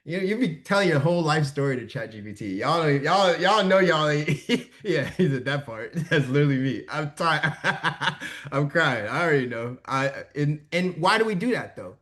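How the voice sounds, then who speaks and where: A man's voice: on the high side, very animated, brisk, few pauses, fairly bright tone. A young man presenting a casual live workshop over a video call, chatty and informal, checking in with his audience often.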